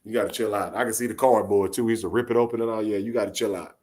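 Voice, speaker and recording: A man hosting a live late-night talk show, chatting casually with a soft-spoken, laid-back, joking manner over a phone line. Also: fairly low pitch, steady tone, racing, slightly rough. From Orange, Texas. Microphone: phone call into live audio show.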